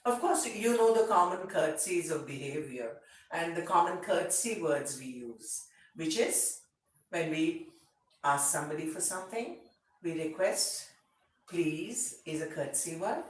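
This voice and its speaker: A woman teaching a spoken English lesson, explaining slowly and giving many example phrases. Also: on the low side, expressive. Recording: echoey room, speaker far from mic.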